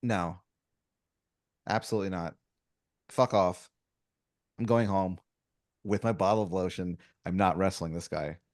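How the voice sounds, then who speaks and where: A man's voice: deep voice, steady tone, measured pace, pauses often, no echo, studio quality. A man co-hosting a comedy podcast, reacting to the story with incredulous pushback and laughter. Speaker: podcast co-host. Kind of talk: casual comedic banter.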